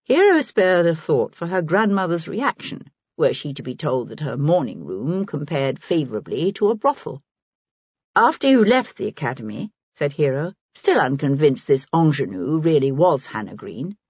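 A woman reading a historical novel aloud as an audiobook narrator, in a measured storytelling manner. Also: low-pitched, very animated, darkish tone, breathy edge, no room sound, muffled recording. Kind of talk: scripted narration.

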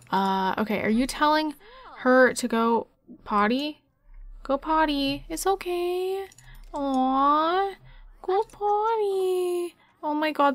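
A woman's voice: fairly high pitch, a bit bright, dry recording. A woman casually commentating her life-simulation game, chatty and giggly, talking straight to her viewers. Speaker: gaming YouTuber.

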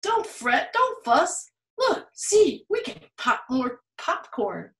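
Woman doing a squeaky little mouse. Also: very animated, slow, fairly bright tone, echoey room, distant mic, full character voice. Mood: reassuring. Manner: squeaky, reassuring. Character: small cheerful mouse, soothing and eager.

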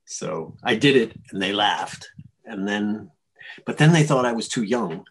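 A male actor telling stories in a casual interview, animated and chuckling, often restarting his sentences. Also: on the low side, a little slow, husky. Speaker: actor guest.

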